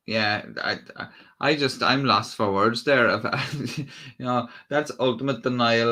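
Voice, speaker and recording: A man's voice: medium pitch, fairly even intonation, unhurried, bright, forceful tone. A man giving casual, rambling live-stream commentary on police footage, with wry asides and frequent restarts. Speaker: streamer reacting to police clips.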